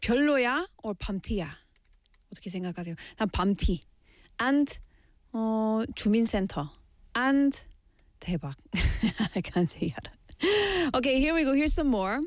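A woman's voice: a little high, lively intonation, very fast, long pauses, no room sound, studio quality. A woman hosting a radio show, chatting playfully and mixing in Korean phrases. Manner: chatty, playful, switching between English and Korean. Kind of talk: casual radio talk. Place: radio studio. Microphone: studio microphone.

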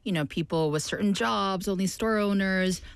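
A woman's voice: mid-range voice, normal speed, vocal fry, smooth, dry recording. A woman with an East Coast American accent, lightly tinged by New York, chatting casually and easygoing about acting and accents. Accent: East Coast American with a light New York touch. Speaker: actress and podcast guest. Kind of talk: casual chat.

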